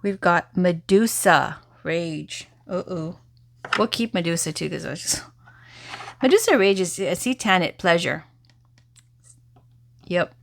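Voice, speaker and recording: This tarot reader speaks on the low side at a measured pace, her voice creaky, with frequent pauses; the recording is dry and studio quality. She's chatty and candid, adds lively asides, says she's losing her voice, and leads a guided affirmation alongside the reading.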